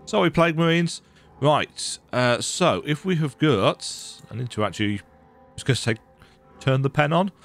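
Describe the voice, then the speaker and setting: A man's voice: medium pitch, animated, moderate pace. A man casually commenting while playing a game, muttering asides and joking to himself. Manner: playful, muttering asides and mock voices. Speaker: gaming channel host. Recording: faint game music behind.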